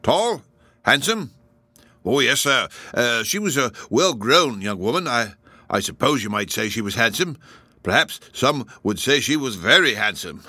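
A man's voice: mid-range voice, expressive, a little slow, pushed and bright, breathy edge, dry recording, heavily acted. A man voicing a nervous, apologetic police constable who stammers and defers to his superiors. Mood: sheepish.

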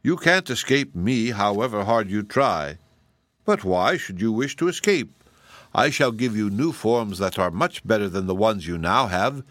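A man's voice: lowish voice, animated, a little slow, a bit bright, no room sound. A man voicing a huge, falsely sweet giantess witch who talks in a mocking, self-assured way for a storybook reading. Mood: scornful.

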